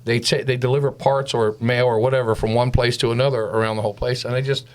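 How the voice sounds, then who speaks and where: A man in his fifties leads a casual panel discussion. His voice sits at a middling pitch. He talks loosely and acts out anecdotes with quoted back-and-forth. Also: little pitch movement, fast talker. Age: 50s. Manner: rambling, retells stories with quoted dialogue. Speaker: host.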